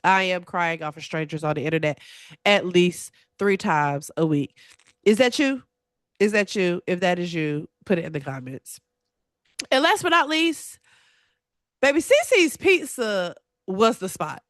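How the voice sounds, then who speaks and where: A woman hosting a solo podcast in a casual, chatty way, talking straight to her listeners with lively, expressive swings in her voice. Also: measured pace, no room sound, clean studio sound. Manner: animated and expressive, with big pitch swings; chatty and confiding, addresses listeners directly. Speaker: podcast host.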